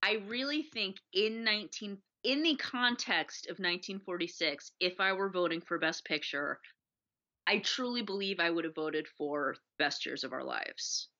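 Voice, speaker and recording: A woman co-hosts a casual film podcast, speaking enthusiastically and acting out movie lines as she goes. Her voice is lowish and sharp at a moderate pace, and the recording sounds dull and lo-fi.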